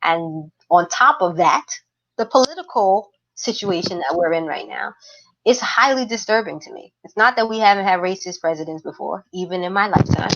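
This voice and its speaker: A woman, a guest in a casual conversation, telling her story in an animated way and acting out what she once said. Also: on the low side, moderate pace, highs cut off. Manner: animated storyteller who acts out her own past remarks. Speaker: interview guest, activist.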